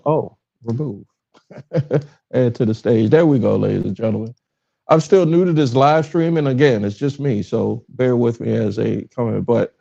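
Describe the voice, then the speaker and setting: A middle-aged man with a Southern accent hosts his own livestream, his voice gravelly and mellow. He talks in a loose, rambling way, often breaking off mid-sentence. The audio is a little dull and lo-fi, like a phone feed. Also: medium pitch. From Richmond, Virginia. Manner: rambling, self-interrupting, fumbles with his stream setup. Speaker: podcast host. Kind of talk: casual solo livestream talk. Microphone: livestream with phone recording.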